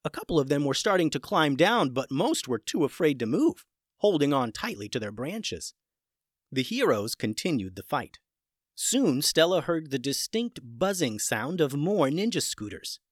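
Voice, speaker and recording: A podcast storyteller narrating a children's adventure in an expressive read-aloud. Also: mid-range voice, moderate pace, no room sound, studio quality.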